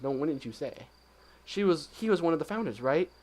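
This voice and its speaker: A man hosting a let's play, reading a visual novel aloud quietly with joking asides. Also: a little high, animated, a little fast, poor audio.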